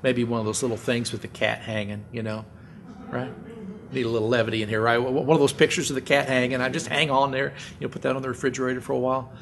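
A man's voice: mid-range voice, steady tone, fast talker, a little hiss or hum. Man preaching a conversational sermon. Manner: acts out quoted voices with swings between loud and soft; conversational, repeats words and asks the audience "right?". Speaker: pastor. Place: church sanctuary.

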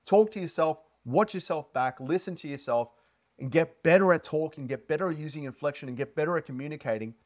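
On the high side and brisk, this man's voice carries energetic, animated sales coaching delivered casually to camera with plenty of inflection.

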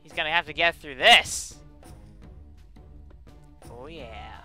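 A man giving excited, playful gameplay commentary on a let's play, taunting his opponent and shouting when things happen. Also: on the high side, takes it slowly, soft background music. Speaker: gamer doing a let's play.

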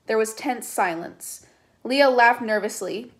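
A woman's voice: on the high side, normal speed. Woman reading a novel aloud. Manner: plain, steady narration with casual asides. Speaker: reader.

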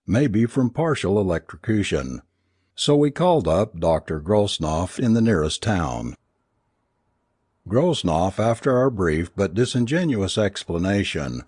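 Man, audiobook narrator, expressive, animated pitch, dry studio sound. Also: slightly rough, no room sound. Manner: measured, expressive storytelling. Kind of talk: scripted narration.

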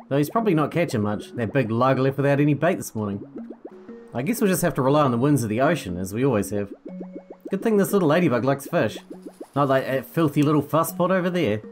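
A man's voice: medium pitch, natural voice. A man voicing a talkative young mother with a baby, reading game dialogue aloud in a gossipy, friendly way. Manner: gossipy, warm-hearted, talkative.

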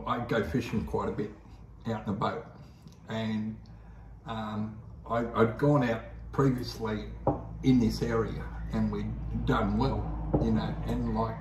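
A man with an Australian accent shares his testimony as a guest, rambling casually, repeating words, and saying "I says" a lot. His low voice is steady and measured but off-mic in an echoey room with background noise.

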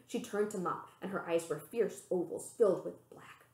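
A woman's voice: normal speed, creaky, reverberant, low-quality recording. A woman librarian reading a children's storybook aloud, lifting her voice for the characters. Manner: expressive, voicing the characters with pitch lifts.

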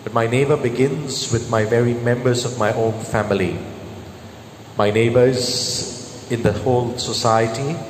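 Priest for a Mass, male, measured homily delivery, long church reverb, faint room hiss. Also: medium pitch, fairly even intonation. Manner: slow, measured preaching with stressed words.

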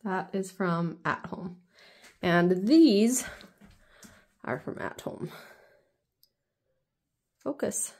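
A woman's voice: medium pitch, lively intonation, very slow, long pauses, darkish tone. Chatty woman vlogging at home. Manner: chatty, rambling, lots of "like" and "anyways". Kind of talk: casual home vlog chat.

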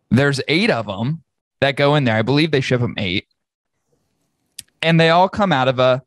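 A man's voice: medium pitch, lively intonation, normal speed, pauses often, no echo. A man hosting a podcast, ranting angrily and swearing heavily. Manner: profane, angry ranting. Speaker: podcast host. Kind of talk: casual podcast rant.

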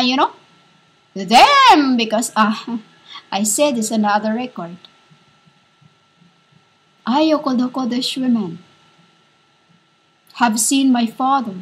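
A woman with a high voice delivers a fervent prophetic declaration at an unhurried, deliberate pace. She speaks haltingly and repeats herself, as if she were a divine voice addressing her listeners. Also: a bit bright, breathy edge. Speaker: self-styled prophet.

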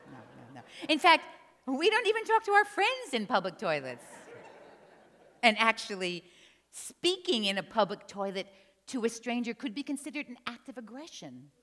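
An older woman from New Jersey tells a funny story on stage, animated and chatty as she teases her audience. Her voice is a little high at a moderate pace, carried by long hall reverb.

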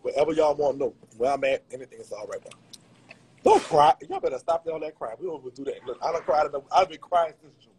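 A man's voice: a little high, expressive, quick pace, a little mellow, rough recording. A man chatting casually with viewers on a live stream, slangy and laughing often. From Louisiana.

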